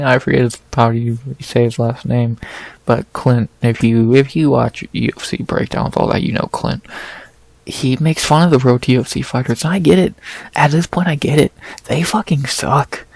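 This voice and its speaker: A man's voice: mid-range voice, vocal fry, a little mellow, no echo. A man ranting and swearing through a casual recap of a fight, stammering and restarting as he goes, exasperated. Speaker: MMA recap host.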